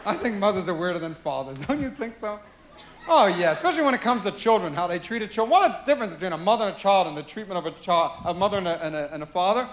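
A man performing a stand-up comedy routine, animated and shouting impressions of his parents, with audience laughter. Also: sits high. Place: live comedy venue. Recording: echoey live room with noise.

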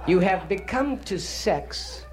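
Wry, animated stand-up comedian in his thirties. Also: high-pitched, takes it slowly. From Canada. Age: 30s. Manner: wry, animated storytelling with sudden loud punchlines. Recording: noisy live comedy recording.

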